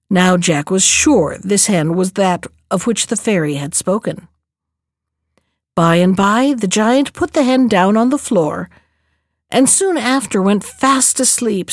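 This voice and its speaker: A woman narrating a fairy tale aloud in a measured, expressive way. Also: medium pitch, dry recording, studio quality. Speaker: storyteller.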